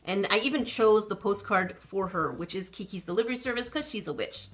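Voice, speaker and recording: A woman's voice: medium pitch, expressive, fairly quick, a bit bright. A woman hosting a crafting vlog, narrating in a teasing, chatty way. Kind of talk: casual playful narration.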